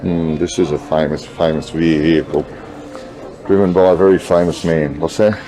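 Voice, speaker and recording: A man's voice: very deep voice, fairly even intonation, moderate pace, warm tone, faint music behind. An Australian man touring a racetrack, chatting casually as an enthusiastic race fan. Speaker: travel vlogger host. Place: outdoors at a racetrack.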